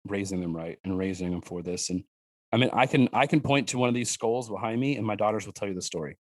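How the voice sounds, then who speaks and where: A man chatting as a podcast guest, telling animated stories with restarts and fillers and acting out his children's lines. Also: fast, no echo. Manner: animated storyteller who acts out his daughters' lines in a higher voice. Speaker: guest, wild game cook and hunter. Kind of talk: casual podcast conversation.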